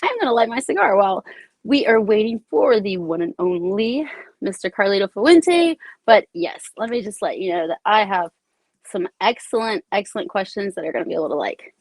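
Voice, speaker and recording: A woman hosting a casual livestream, bubbly and excited, greeting viewers by name as they arrive. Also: medium pitch, moderate pace, no room sound. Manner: bubbly, shouts out commenters by name. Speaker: livestream host. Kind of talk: casual live chat with viewers.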